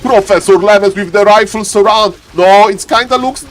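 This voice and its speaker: A streaming caster gives live esports commentary at normal speed with hardly any pauses, shifting from calm chatter aimed at viewers to bursts of repeated, high-pitched shouting when the action heats up. There's slight background noise.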